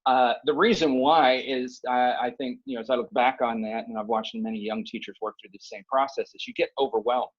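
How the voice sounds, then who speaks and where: A man's voice: mid-range voice, fairly even intonation, fairly quick, hardly any pauses, dull audio. A man speaking as a guest on a podcast, giving earnest, emphatic advice and often checking in with "okay?" and "right?". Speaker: guest, university director of bands. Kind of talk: conversational advice.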